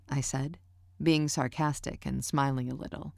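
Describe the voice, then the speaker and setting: A woman narrates a first-person audiobook in a low, gravelly voice with a measured, even manner. The studio sound is dry and close. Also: dry recording.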